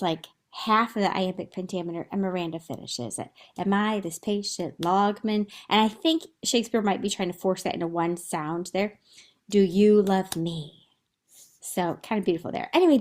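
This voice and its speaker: A woman teacher talks her students through a recorded lesson over slides. Her delivery is chatty and conversational, with small fillers and restarts as she thinks aloud. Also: medium pitch.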